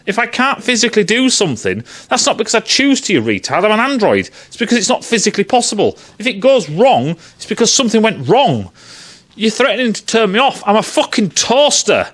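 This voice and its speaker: Brief: man reviewer, foul-mouthed and sarcastic, animated voice swinging high and low, pitched a bit high. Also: a little fast. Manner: sweary, exasperated, sarcastic. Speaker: film reviewer. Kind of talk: profane comedic film rant.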